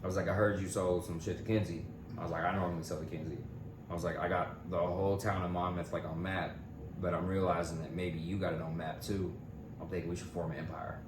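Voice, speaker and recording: In an echoey space with background noise, a fast-talking young podcast co-host from Louisville, Kentucky, shares stories in a relaxed, energetic chat. Whenever he quotes someone, he leaps into a high voice.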